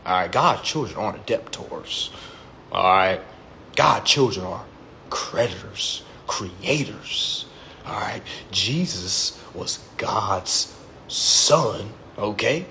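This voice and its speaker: A man's voice: slow, slight background noise. A man giving a casual live-stream monologue, brash, profane and mocking as he promotes his class. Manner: lively pitch swings.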